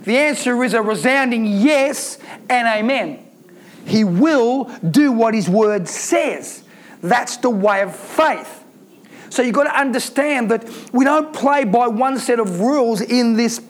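A man's voice: extremely high pitch, lively intonation, measured pace. A man preaching a sermon to his congregation, emphatic and calling for responses. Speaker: pastor.

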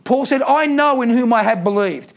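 A man preaching a sermon in a strikingly high voice. He drives his points home by repeating key lines with emphasis. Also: expressive, moderate pace.

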